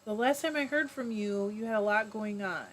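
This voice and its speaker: A woman's voice: medium pitch, a little hiss or hum. A woman hosting a live stream in a casual, chatty way, reading viewer comments aloud, laughing often and breaking off mid-word. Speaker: livestream host.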